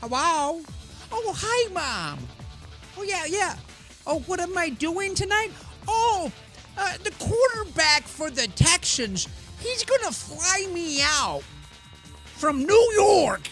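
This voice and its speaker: A chatty female masseuse, as a man puts her on, gossiping on the phone in a raised, swooping sing-song. She sounds giddy and a little breathless with news, voice bouncing up high. Faint music hums behind her. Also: big pitch swings, slow pace, a bit bright, full character voice.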